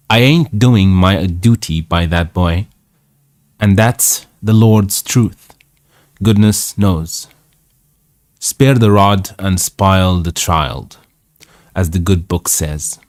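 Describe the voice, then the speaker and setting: A man reading aloud the lines of a fretful, pious old aunt at a slow, careful pace. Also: low-pitched, dry recording. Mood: fretting.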